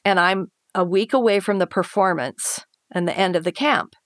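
A woman's voice: mid-range voice, moderate pace, no echo, studio quality. Earnest woman recounting her past. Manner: earnest, emotional retelling with quoted inner thoughts. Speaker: interview guest. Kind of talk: personal storytelling in an interview.

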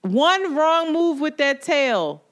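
Animated woman telling wild stories. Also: high voice, slow. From New York. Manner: animated storyteller, swears freely, laughs often. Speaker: podcast co-host. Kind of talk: casual chat.

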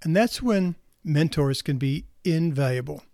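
A man's voice: fairly high pitch, animated, measured pace, darkish tone, no room sound, clean studio sound. A man speaking earnestly as a counselor to parents, often restarting and repeating words as he talks. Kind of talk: reflective spoken talk.

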